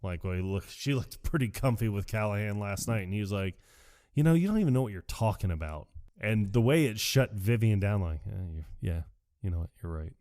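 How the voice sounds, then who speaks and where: A man co-hosting a podcast, casually retelling a movie's plot and acting out the characters' lines in quick put-on voices. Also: lowish voice, expressive, a little mellow, no echo, clean studio sound. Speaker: podcast co-host. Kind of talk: casual movie recap chat.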